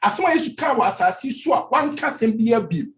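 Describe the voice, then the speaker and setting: Lively Ghanaian pastor preaching. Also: male voice, very high-pitched, brisk. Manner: switches between English and Twi, repeats phrases for emphasis. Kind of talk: sermon. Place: church.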